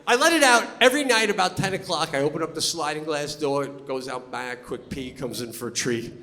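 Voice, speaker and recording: A man performing stand-up comedy on stage, telling stories in a loud, animated way and yelling his punchlines. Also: on the high side, a little fast, in a large hall. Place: comedy stage before a live audience.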